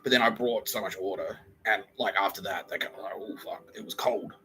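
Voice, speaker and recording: A man's voice: on the low side, fast, pushed and bright, a little hiss or hum, poor audio. A man hosting a podcast, telling a rambling, profane comic story with frequent laughs. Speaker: podcast host. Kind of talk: rambling comedic monologue.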